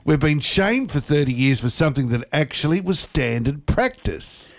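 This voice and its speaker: A man's voice: fairly high pitch, lively intonation, normal speed. A man with an Australian accent co-hosting a radio show, chatting and joking in a rambling way. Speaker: radio co-host. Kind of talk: casual banter on air.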